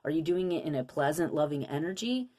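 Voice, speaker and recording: A young woman with a low-pitched voice talks viewers through a spiritual card reading. She sounds earnest and coaching, and keeps asking rhetorical questions. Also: lively intonation, fairly quick, mellow. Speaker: intuitive card reader.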